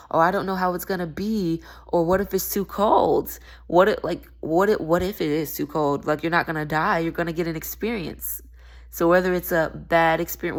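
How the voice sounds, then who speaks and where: A young woman with a fairly low-pitched voice talks in a loose, rambling vlog style. She laughs often and drifts between stories and spiritual reflection. The delivery is casual and conversational. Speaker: spiritual vlogger. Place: at a pool.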